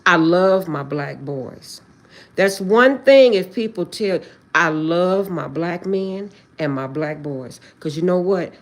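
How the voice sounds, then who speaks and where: A woman ranting on a livestream, close to tears and swinging between outbursts and quiet prayers. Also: lowish voice, expressive, slow pace. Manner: agitated, swings between shouting and tearful prayer. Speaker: livestream host. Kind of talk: emotional livestream rant.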